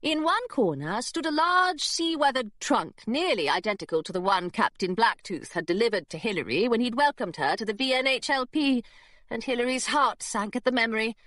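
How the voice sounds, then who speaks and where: Lively female audiobook narrator. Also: fairly high pitch, moderate pace, no echo. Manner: expressive storytelling. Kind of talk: scripted narration.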